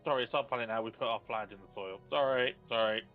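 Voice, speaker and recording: A man's voice: lowish voice, quick pace, narrow, tinny audio, soft background music. A British man chatting and teasing friends during an online strategy game. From Britain. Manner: teasing, jokey. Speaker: friend in a group game stream. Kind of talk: casual chat with friends.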